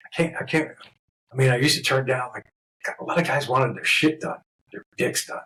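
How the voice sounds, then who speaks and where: Speaking a bit fast in a medium pitch, this New York-accented tattoo artist guest is animated as he tells casual stories. He laughs and curses freely, and the rough recording has a little hiss or hum.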